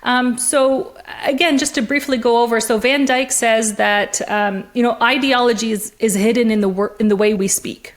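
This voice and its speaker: A woman guest in a conversational interview, talking in an animated way with frequent laughs and restarts. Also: on the high side, normal speed, few pauses. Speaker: interview guest, discourse analyst.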